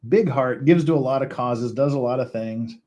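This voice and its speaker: A man's voice: mid-range voice, normal speed, mellow. A man hosting a casual livestream, rambling and chuckling as he builds Lego and counts pieces aloud. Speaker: stream host.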